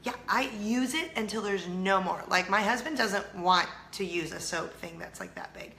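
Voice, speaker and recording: A woman from California vlogging in a casual chat to the camera, with a slight Southern drawl and a voice hoarse from a cold. She talks in a chatty, self-mocking way and laughs often. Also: medium pitch, normal speed, sharp tone, roomy sound, a little hiss or hum. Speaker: vlog host.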